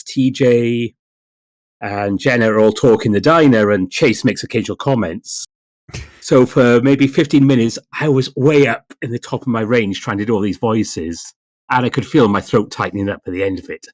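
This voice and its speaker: A man talking calmly and measuredly as a guest voice actor on a podcast, with dry humor. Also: mid-range voice, moderate pace, dry recording. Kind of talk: casual roundtable chat.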